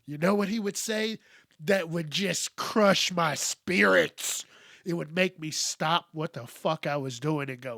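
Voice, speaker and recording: A man hosting a podcast, speaking in a candid, reflective monologue that is full of cursing, with frequent pauses and soft trailing-off. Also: on the high side, creaky, no echo, clean studio sound. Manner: candid, profane, pauses often and trails off softly. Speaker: podcast host.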